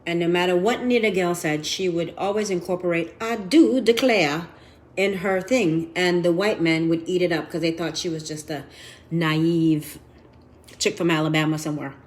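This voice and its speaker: A woman's voice: on the low side, fairly even intonation, moderate pace. A woman in her fifties giving a frank, profane confessional vlog. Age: 50s. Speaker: vlogger.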